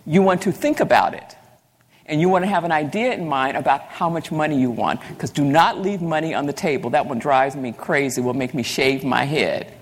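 A woman's voice: low-pitched, normal speed. A woman giving a motivational keynote talk, emphatic and repeating lines for effect. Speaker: keynote speaker. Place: large hall. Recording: hall reverb.

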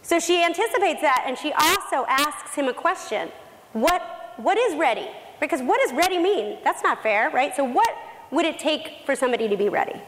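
A woman presents a negotiation workshop in a high voice. She talks plainly and conversationally. The sound carries a long hall reverb with faint noise underneath. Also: expressive, a little fast, a bit bright. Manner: reads role-play lines aloud, conversational.

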